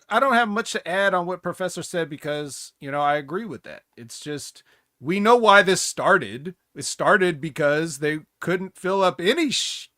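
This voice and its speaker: A man's voice: high-pitched, a bit bright, dry recording, studio quality. A man co-hosting a casual wrestling podcast chat, blunt and sarcastic, swearing freely. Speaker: podcast co-host.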